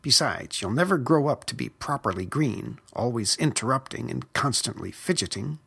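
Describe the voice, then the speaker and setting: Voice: medium pitch, animated, moderate pace, creaky, a bit bright, slightly rough, exaggerated voice. A storyteller voicing a fussy, easily annoyed old snake in a storybook. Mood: irritated. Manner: complaining, prim.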